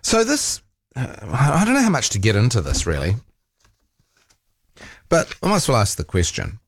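A man's voice: mid-range voice, huge pitch swings, moderate pace, husky, no room sound. A man hosting a talkback radio show, telling a rambling, exasperated story with laughs and mild swearing. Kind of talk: casual on-air chat.

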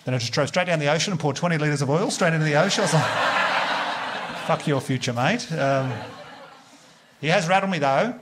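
A man doing stand-up comedy, telling sweary, animated stories and slipping into voices for the people in them. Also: on the high side, fast, very noisy. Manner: animated, sweary storytelling with put-on quoted voices.

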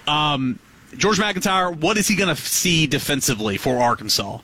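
Man, sports radio co-host, casual banter, bright tone, studio mic. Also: fairly high pitch, lively intonation, normal speed, husky, low-quality recording. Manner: chatty, reads listener texts, laughs easily.

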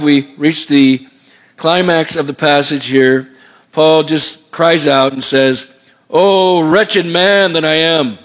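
A man preaching a sermon, asking the congregation call-and-response questions as he works through his points. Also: medium pitch. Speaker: pastor.

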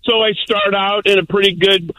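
A man's voice: high voice, steady tone, normal speed, pushed and bright, no echo, poor audio. An older man calling in to a radio show, telling a rambling, boisterous story. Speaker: caller. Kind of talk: call-in radio chat.

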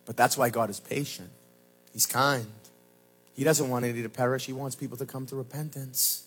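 A man preaching a sermon as pastor, swinging between loud shouted points and low, quiet asides. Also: steady tone, moderate pace, husky, low-quality recording.

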